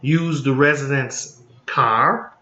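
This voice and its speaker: Blunt folksy guy giving a training talk, bright voice, slow and deliberate, echoey muffled room. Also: medium pitch. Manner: blunt, folksy, repeats points and tags them with "okay?". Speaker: group home licensing consultant.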